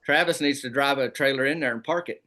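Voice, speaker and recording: A man, a comedy guest telling boastful tall tales in a deadpan rural persona. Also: mid-range voice, quick pace. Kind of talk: comic storytelling in a rural persona.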